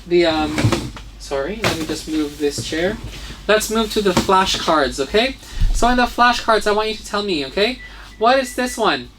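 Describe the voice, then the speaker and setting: A woman's voice: medium pitch, expressive, moderate pace, noisy background. Patient woman teacher spelling words aloud. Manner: spells words letter by letter, frequent "okay?" and "right?" checks. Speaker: English teacher. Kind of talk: children's vocabulary lesson.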